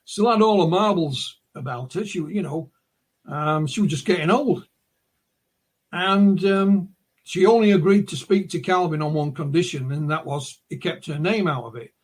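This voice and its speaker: A male interview guest with a husky, somewhat breathy voice that sits high for a man. He recounts events step by step in a relaxed, conversational way, dropping in fillers as he goes. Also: normal speed. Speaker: guest, UFO author. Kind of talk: casual interview storytelling.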